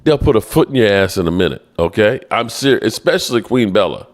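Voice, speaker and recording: A man hosting a casual live-stream sports show, reading the chat aloud in a playful, self-mocking way. His voice leaps high when he gets exasperated. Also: animated, fast talker.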